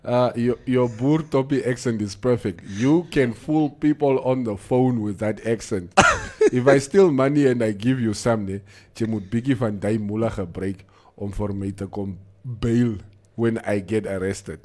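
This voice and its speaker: A man's voice: medium pitch, normal speed, a little mellow. A man hosting a morning radio show, reading out listener comments and laughing often on a studio mic. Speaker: radio host.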